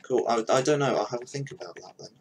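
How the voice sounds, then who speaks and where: A man's voice: mid-range voice, fast talker, gravelly, slight background noise, rough recording. A young man thinking aloud in casual commentary while he builds a game map on a live stream, with mumbled asides as he works.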